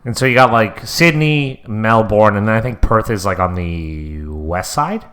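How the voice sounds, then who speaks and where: A man's voice: fairly low pitch, expressive, measured pace, a bit bright, clean tone. A young man co-hosting a podcast, rambling playfully in casual chat. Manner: rambling, lots of "like" fillers, playful. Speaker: podcast co-host.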